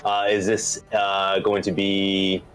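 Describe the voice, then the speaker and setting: A man with a very deep voice, playing a tabletop game with friends. He talks casually and hesitantly, full of ums and uhs. Faint music plays underneath. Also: completely flat delivery, slow pace, a bit bright, clear, resonant tone, poor audio. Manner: casual, hesitant, many fillers. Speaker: player.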